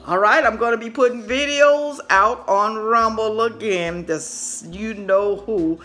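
A woman's voice: medium pitch, expressive, measured pace, few pauses, fairly bright tone. Chatty older woman, echoey home room. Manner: chatty, talks to viewers as "y'all". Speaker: cooking channel host. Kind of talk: casual home-tour vlog chat. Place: craft room in her home, indoors. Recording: echoey room with faint music.

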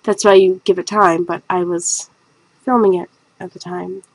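Husky, nasal woman narrating her painting. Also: on the low side, level tone, moderate pace, dry recording, low-quality recording. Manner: chatty, rambling, self-mocking. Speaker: shoe painting artist. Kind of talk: casual voice-over of a painting video.

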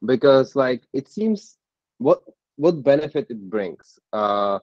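A man hosting a discussion, asking questions over a video call in a halting way and searching for words. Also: medium pitch, expressive, dry recording. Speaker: discussion host. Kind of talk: casual interview questions. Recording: dry, dull lo-fi call audio.

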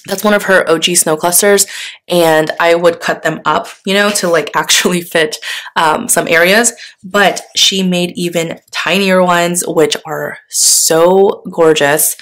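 A woman with a somewhat low voice talks casually as she shows off stickers to her viewers. She gushes with enthusiasm, sprinkling in fillers and little laughs. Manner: gushing, enthusiastic, with frequent fillers and soft laughs. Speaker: sticker haul vlogger. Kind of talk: casual chatty show-and-tell.

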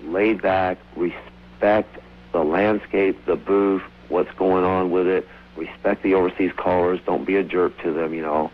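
A man calling in to a radio show, telling rambling, excited stories over the phone. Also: deep voice, a little slow, slight background noise. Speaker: caller. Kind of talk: casual phone-in storytelling. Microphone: telephone. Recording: tinny phone line.

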